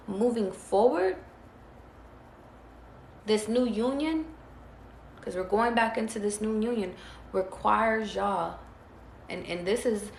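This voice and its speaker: The echoey room carries a faint hiss as this tarot reader, mid-range and creaky with a bit of brightness, addresses her viewers. Her casual spiritual pep talk is blunt, profane and heavy on repetition to make her points stick.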